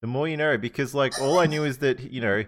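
A man's voice: medium pitch, fast. A man hosting a casual podcast chat among friends, laid-back, swearing and laughing often. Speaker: podcast host.

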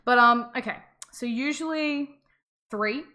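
A woman's voice: a little high, unhurried, bright, forceful tone. Chatty Australian woman, laughing. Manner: chatty, rambling, laughs often. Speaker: podcast co-host. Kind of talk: casual chat.

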